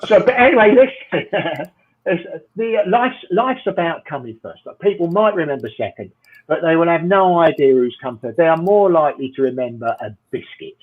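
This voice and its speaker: A middle-aged English comedian rambles through a self-mocking routine, his pitch swinging widely. His voice is husky. It reaches us through a thin, phone-like line. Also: lively intonation, normal speed. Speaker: stand-up comedian. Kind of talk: stand-up routine over video call.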